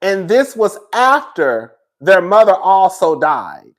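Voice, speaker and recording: Animated trash-talking reality TV commentator. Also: male voice, sits high, takes it slowly. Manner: animated, swearing, says girl constantly, laughs. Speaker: host.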